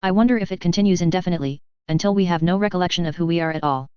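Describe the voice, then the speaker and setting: Woman reading sardonic tired young male wizard, dry drawl, clipped, low smooth voice, dull lo-fi sound. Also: rapid-fire, darkish tone, dry recording, close to an everyday voice. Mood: dry, prickly. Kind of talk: fan fiction read aloud.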